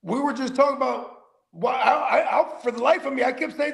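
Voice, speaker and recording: A man co-hosting a casual sports podcast, telling stories in an animated, profane way that swings between loud bursts and quiet asides. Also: very high voice, brisk, vocal fry. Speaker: podcast co-host.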